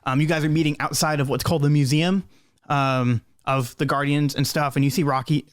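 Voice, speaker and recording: A man's voice: fairly high pitch, fairly even intonation, brisk. A man running a tabletop game, narrating the scene in a casual, hesitant way. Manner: casual and hesitant, with many fillers. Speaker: game master.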